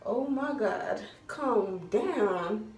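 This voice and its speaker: A woman's voice: fairly high pitch, very slow. A young woman relays a story casually and dramatically, with slang along the way. She sounds set back from the mic in an echoey room, with a faint hum of ambience behind her. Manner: animated, dramatic retelling with slang. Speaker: vlogger telling a story. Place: at home, doing her hair while talking. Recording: roomy echo from a distance, faint background hum.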